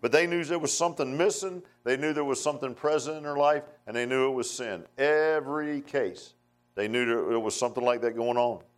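Guy preaching, folksy and chatty, gets loud then goes real quiet, average pitch. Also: fairly quick. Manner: folksy conversational preaching, swinging between emphatic and hushed. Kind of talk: sermon.

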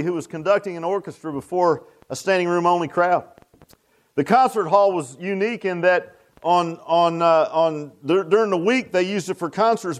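An older man preaching a sermon in a folksy, animated way, repeating phrases for emphasis. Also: sits high. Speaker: pastor.

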